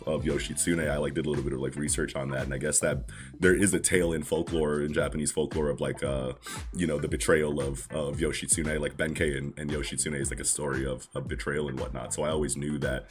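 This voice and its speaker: A man's voice: extremely low pitch, steady tone, fast, faint music behind. A man casually chatting about manga on a podcast, laid-back and full of fillers and swearing.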